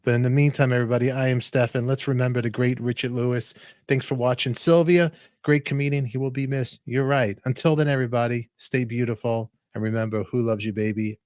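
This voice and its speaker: A man's voice: medium pitch, fairly even intonation, a little fast, a little mellow, dry recording. Plain-spoken male host, dry sound. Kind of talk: news commentary vlog.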